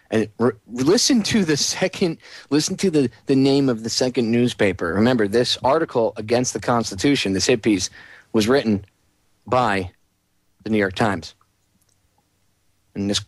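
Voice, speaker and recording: A man's voice: mid-range voice, normal speed, pauses often, no echo. Ranting male talk radio host, dry sound. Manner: ranting, sarcastic.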